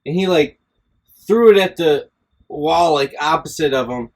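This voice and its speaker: A man's voice: a little high, unhurried. A man casually telling stories from his school days, rambling and profane, often breaking into laughter. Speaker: podcast host. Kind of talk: casual storytelling chat.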